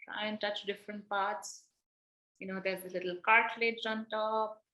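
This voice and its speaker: A woman's voice: mid-range voice, little pitch movement, normal speed, sharp tone. A woman leading a playful guided movement exercise on a video call, coaxing and laughing often. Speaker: workshop facilitator. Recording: roomy echo.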